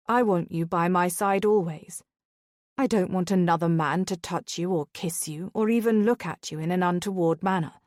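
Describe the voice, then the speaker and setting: A woman reading a romance audiobook, voicing a sincere young nobleman in a tender, slightly lowered voice. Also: darkish tone, no room sound, clean studio sound, lightly acted. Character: earnest devoted young nobleman, a reformed rogue.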